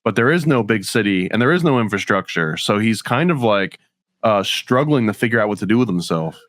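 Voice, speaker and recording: A man's voice: on the low side, expressive, a little fast, fairly bright tone, dry recording, clean studio sound. A man co-hosting a podcast, asking analytical questions and making wry remarks in casual chat. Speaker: podcast co-host.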